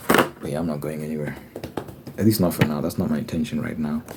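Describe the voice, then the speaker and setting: A young man with an extremely deep, low voice rambles loosely in a casual ASMR chat, dropping the occasional swear word. Clear noise sits under the recording, with tapping and shuffled cards behind him. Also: fairly even intonation, quick pace. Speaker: ASMR creator. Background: tapping and card shuffling noise.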